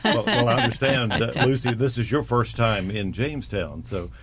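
A man's voice: mid-range voice, normal speed, a loud crowd. A middle-aged American man hosting a broadcast interview, genial and rambling, often restarting his phrases. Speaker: interview host.

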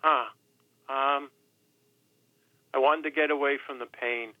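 A man in his sixties, a radio guest, speaking haltingly and emotionally, repeating words and with his voice sometimes breaking. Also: medium pitch, fairly even intonation, no room sound. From New Hampshire. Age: 60s. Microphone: telephone. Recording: tinny phone line.

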